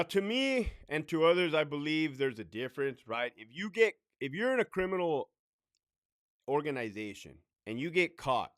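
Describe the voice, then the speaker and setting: A man's voice: medium pitch, fairly bright tone, no echo. A man talks straight at his audience in a dry, close sound, with a voice that climbs and dips a lot. He is blunt and profane, a former prison officer speaking casually and checking in with "right?" as he goes. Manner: blunt, profane, conversational, with frequent "right?" asides. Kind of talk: casual talk to camera.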